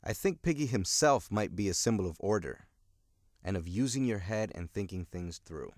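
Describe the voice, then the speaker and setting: A man teaching, explaining a novel to students in a calm, explanatory manner. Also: fairly low pitch, moderate pace, no echo, clean studio sound.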